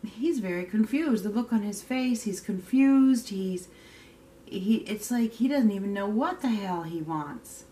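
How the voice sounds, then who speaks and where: A woman reads tarot cards in a casual, unscripted way. She is blunt and emphatic, repeats her points and tags them with "okay?", and swears without a second thought. Her voice sits at an ordinary middle pitch. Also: lively intonation, a little slow, warm tone. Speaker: tarot reader. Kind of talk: casual tarot card reading.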